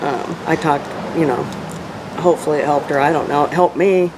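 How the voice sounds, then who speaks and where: A middle-aged woman, an interview guest, earnestly and emotionally telling a personal story, with halting restarts. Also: low-pitched, fairly even intonation. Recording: noisy background hum.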